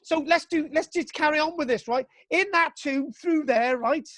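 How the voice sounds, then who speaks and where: A man from Britain teaching archaeology to young students over a video call, excitable and jokey, mock-exasperated, tagging "right?" onto his sentences. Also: very high-pitched, normal speed, no echo. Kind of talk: live online class.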